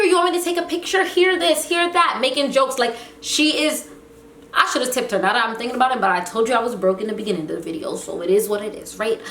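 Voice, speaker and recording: Animated young woman telling a story. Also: on the high side, slight background noise. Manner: animated, slangy, acts out quotes. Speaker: vlogger. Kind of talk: casual storytime vlog. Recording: echoey room with faint ambience.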